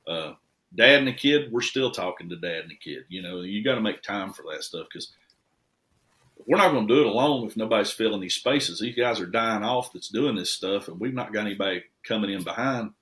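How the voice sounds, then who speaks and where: Folksy shop owner, low-pitched male, animated guest storyteller. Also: fairly quick. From Tennessee. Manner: folksy, animated storyteller with lively swings in loudness. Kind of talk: casual podcast storytelling.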